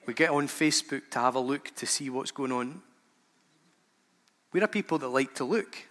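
Guy preaching a sermon, bright forceful voice, lots of hall reverb. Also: a little high. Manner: emphatic, repeats phrases for effect. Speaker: pastor.

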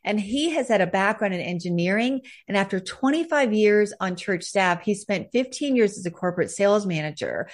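A woman's voice: mid-range voice, expressive, a little fast, few pauses. A woman hosting a faith podcast, introducing a guest in an enthusiastic, effusive way. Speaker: podcast host.

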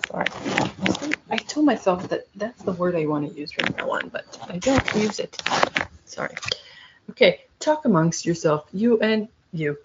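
A woman's voice: mid-range voice, unhurried. A woman guesting on a podcast, chatting casually and supportively. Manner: supportive, encouraging. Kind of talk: casual chat. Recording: dull lo-fi sound with faint noise.

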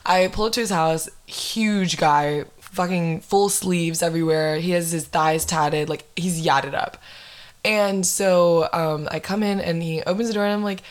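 A young woman in her twenties, a podcast host telling a dating story in casual chat, animated and full of "like". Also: on the low side, measured pace. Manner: animated, heavy use of "like".

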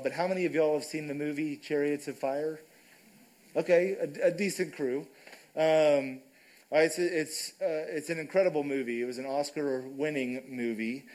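In a church sanctuary, a man with a mid-range, darkish voice preaches a sermon over poor audio. His tone is conversational and casual, and he keeps checking in with the congregation through frequent "right?" asides.

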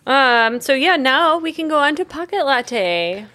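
Woman podcast host, casual chat, rambling with fillers, slightly high voice. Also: very animated, measured pace, bright, forceful tone. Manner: rambling, filler-heavy storytelling. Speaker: podcast co-host presenting research.

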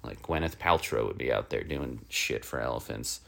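At normal speed, a man with an extremely deep, gravelly, fry-heavy voice and a fairly bright tone runs his little comic news show. He wanders through a casual, filler-laden monologue that turns into exasperated, irritable rants.

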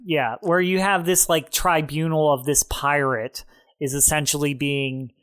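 A man co-hosting a podcast in casual chat, relaxed and laughing often as he recaps. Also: a little high, a little slow. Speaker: podcast co-host.

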